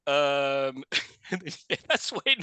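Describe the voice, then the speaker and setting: A man's voice: mid-range voice, very animated, drawn-out words, sharp tone, clear, resonant tone, no room sound. A British man co-hosting a podcast, animatedly retelling film scenes with frequent laughter in casual chat. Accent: British English. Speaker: podcast co-host.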